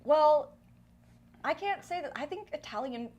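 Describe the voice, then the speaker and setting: A woman hosting a casual food chat, chatty and quick to laugh. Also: sits high, muffled recording. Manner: chatty, giggly, animated asides. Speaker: host.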